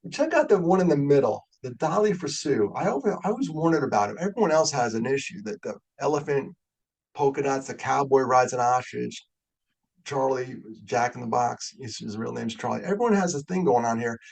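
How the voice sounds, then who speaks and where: Older male keynote speaker, gravelly voice, animated storyteller. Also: mid-range voice, a little fast. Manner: animated, gets fired up. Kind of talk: storytelling talk. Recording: webinar audio.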